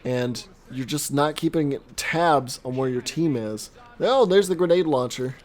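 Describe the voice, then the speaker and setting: A man coaching a player over gameplay footage in casual commentary, animated with quick reactions and a voice strained from talking. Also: medium pitch. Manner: animated, quick reactions, self-deprecating asides. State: voice strained from long recording.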